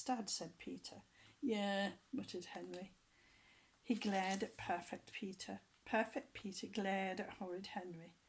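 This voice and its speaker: A woman's voice: medium pitch, gravelly, slight background noise, rough recording. A woman reading a children's book aloud to a child, with playful asides and stretches of whispering.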